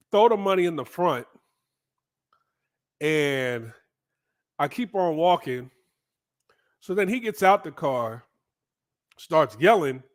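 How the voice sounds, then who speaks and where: Man telling a casual travel story, lively and crude, slightly higher voice. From United States. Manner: animated, profane, frequent "right?" asides. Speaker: vlogger.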